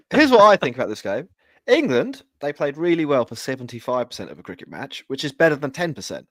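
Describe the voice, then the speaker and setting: A man's voice: fairly high pitch, sing-song, a little fast, no echo, clean studio sound. A man hosting a podcast in casual chat, joking and laid-back, with plenty of fillers. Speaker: podcast host.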